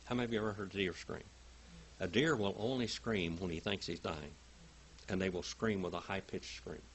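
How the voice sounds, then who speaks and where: A man's voice: low-pitched, steady tone, a little fast, a little hiss or hum. An older man teaching a Bible class, telling stories dramatically and reading Greek aloud word by word. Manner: dramatic, emphatic storytelling with big swings in loudness.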